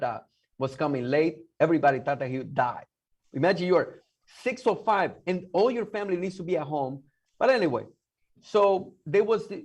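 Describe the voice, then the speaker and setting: A man's voice: a little high, breathy edge. A man in his late thirties from El Salvador, a native Spanish speaker with a Salvadoran accent, telling his story as a podcast guest in an emphatic way, often checking in with "okay?" and restarting his sentences. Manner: emphatic, repeats "okay?" and "guys", frequent restarts. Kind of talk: personal storytelling in a podcast interview.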